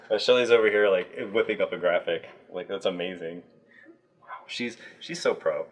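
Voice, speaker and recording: Deep-voiced man hosting a chatty stream. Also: normal speed. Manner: chatty, with many fillers and restarts. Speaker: livestream host. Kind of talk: casual livestream chat.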